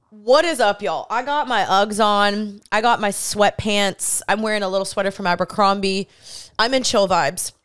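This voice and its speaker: A woman's voice: mid-range voice, smooth. A woman in her twenties hosting a casual solo podcast, chatty and bubbly, laughing often. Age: 20s. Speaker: podcast host. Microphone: studio podcast mic, seen on camera.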